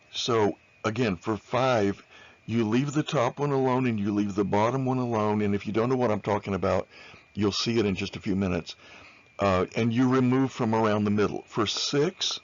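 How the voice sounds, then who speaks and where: Low-voiced man giving a casual lecture. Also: lo-fi sound. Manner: informal, many "uh" fillers, repeats key points. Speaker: chemistry lecturer. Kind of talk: recorded slide lecture.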